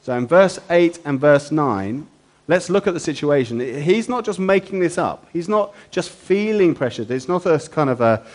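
A man's voice: fairly high pitch, a little mellow. A preacher giving a sermon, a man who keeps asking his listeners rhetorical questions.

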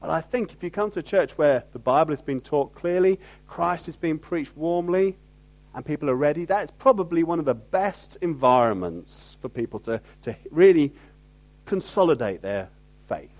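A man preaching a sermon in a conversational way, often asking rhetorical tag questions and swinging from loud emphasis to quiet asides. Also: fairly high pitch, lively intonation, moderate pace. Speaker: pastor.

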